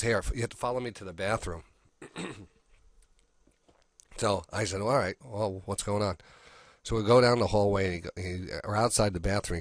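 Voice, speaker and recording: Low-voiced middle-aged man telling a story. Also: no echo, clean studio sound. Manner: rambling, with many restarts and quoted dialogue. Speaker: radio show host. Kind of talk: casual storytelling.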